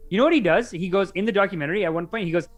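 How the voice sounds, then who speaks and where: A young man co-hosting a podcast in casual, excitable chat, often acting out what others said. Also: sits high, rapid-fire, faint music behind. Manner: animated, excitable, mimics others in quotes. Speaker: podcast co-host.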